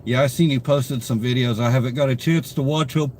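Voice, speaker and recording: A man's voice: mid-range voice, fairly even intonation, brisk, darkish tone, a little hiss or hum. Tired man chatting on his live stream. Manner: chatty, greets viewers by name, rambling with fillers. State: tired, yawning. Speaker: livestream host. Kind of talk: casual live-stream chat reading comments.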